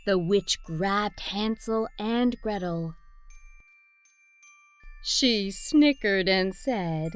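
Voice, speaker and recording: A woman narrating a children's fairy tale aloud, reading clearly and deliberately for small kids. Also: mid-range voice, soft background music. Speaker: storyteller.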